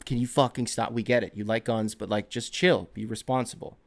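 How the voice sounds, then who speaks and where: A tired male league official , as a man plays him, scolding a star player in a low-key, soft, swearing way. He sounds fed up rather than loud. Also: steady tone, fairly quick, vocal fry, natural voice. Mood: exasperated. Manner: weary, scolding, profane, soft-spoken.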